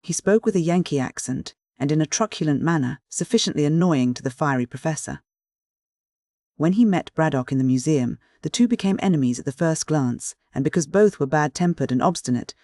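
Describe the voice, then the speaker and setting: An audiobook narrator reading a classic mystery in a clear, measured literary style. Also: mid-range voice, warm tone, dry recording, clean studio sound.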